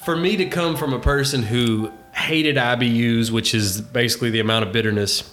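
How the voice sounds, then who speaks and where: Animated middle-aged male podcast co-host. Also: medium pitch, fairly quick, soft background music. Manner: animated storyteller, swears casually. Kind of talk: casual chat.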